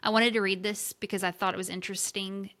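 Bright, emphatic Southern woman. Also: medium pitch, quick pace. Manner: lively, emphatic, playful exclamations. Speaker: podcast co-host. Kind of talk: casual podcast chat.

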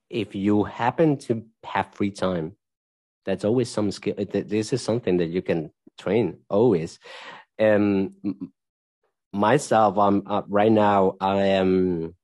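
A low-pitched man talks as a guest on an interview podcast. He is thoughtful and pauses to find his words, and his voice sounds close and dry with no room sound. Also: fairly even intonation, a little mellow, no room sound. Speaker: podcast guest, tech executive and dance teacher. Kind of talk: casual conversational interview.

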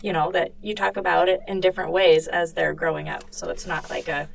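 A woman's voice: on the low side, little pitch movement, a little fast, gravelly, recorded from a distance, a crowd in the background, low-quality recording. Woman talking casually, a bit off-mic. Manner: conversational, many fillers and restarts. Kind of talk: casual discussion of a book.

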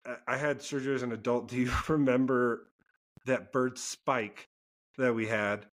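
Animated storytelling man. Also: medium pitch, normal speed. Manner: animated storyteller, laughs, swears casually. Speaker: podcast co-host. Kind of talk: casual chat, storytelling.

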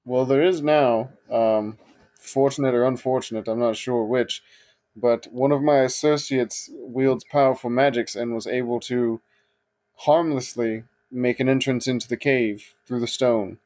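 A calm, polite adventurer, played by a man in a tabletop game. He speaks plainly and deadpan, at a mid pitch. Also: unhurried, natural voice.

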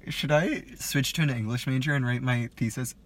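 A man's voice: medium pitch, expressive. A young man co-hosting a podcast in casual, playful chat. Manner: playful, quick to joke. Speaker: podcast co-host.

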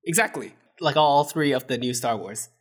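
A man's voice: mid-range voice, expressive, normal speed. A man co-hosting a casual movie review chat, sarcastic and often laughing. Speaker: podcast co-host.

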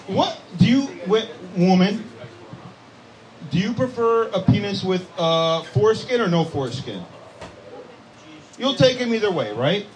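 Cast a high-voiced male comic for rowdy club stand-up, with a noisy crowd behind him. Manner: brash, profane, teasing the crowd. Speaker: stand-up comedian. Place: comedy club with a live audience. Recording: loud crowd noise in a club. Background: audience laughter and chatter.

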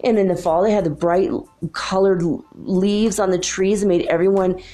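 A woman's voice: medium pitch, fairly even intonation, normal speed, warm tone, faint music behind. A middle-aged woman from Minnesota, talking in a rambling, chatty way with frequent laughs as she muses on spiritual matters. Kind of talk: casual spiritual musing.

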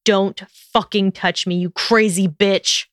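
A woman reading an audiobook and voicing a hostile young wizard who talks low and slow, with a growling edge. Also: fairly even intonation, a bit bright, no echo, clean studio sound. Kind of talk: audiobook character voice.

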